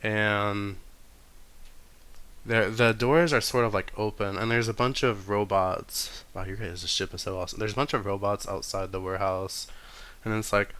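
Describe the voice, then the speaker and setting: Male game master, smooth tone, casual rambling narration. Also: on the low side, fairly even intonation, moderate pace, fairly bright tone, no echo. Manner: loose, filler-heavy, laughing.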